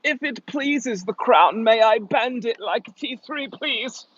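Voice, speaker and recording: A man's voice: very high-pitched, slow pace, fairly bright tone, dull audio, a little hiss or hum, pitched above the performer's own voice, heavily acted. A man voicing a pompous elderly English male courtier with a put-on posh British accent and a fawning, overly formal manner.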